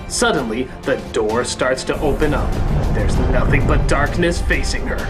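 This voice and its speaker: Excitable woman ranting a movie review. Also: very deep voice, moderate pace. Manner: excitable, profane, yelling rants. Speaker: comedy reviewer. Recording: music underneath.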